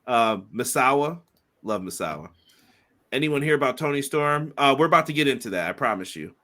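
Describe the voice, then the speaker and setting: Bright-voiced chatty podcast man. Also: mid-range voice, animated, a little fast. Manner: chatty, reads out listener comments. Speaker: podcast co-host. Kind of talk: casual wrestling podcast chat.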